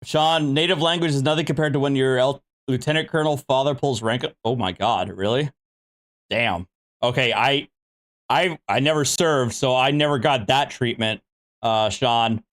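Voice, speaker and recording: A man's voice: mid-range voice, moderate pace, a bit bright. A man hosting a show, giving laid-back, wry commentary on video clips, with an easy flow dotted with fillers. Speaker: host.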